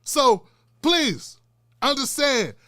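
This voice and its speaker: High-voiced, middle-aged man, solo commentary host, blunt and profane, dry close mic. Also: sing-song, very slow, bright, forceful tone, dry recording. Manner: blunt, emphatic and profane, with heavy repetition. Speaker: show host.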